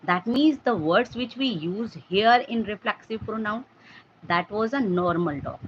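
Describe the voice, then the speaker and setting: A woman's voice: mid-range voice, animated, unhurried, lo-fi sound, slight background noise. A woman teaching English grammar in a live class, explaining patiently and often asking whether her students have understood. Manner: explanatory, checks understanding with "Got the point?".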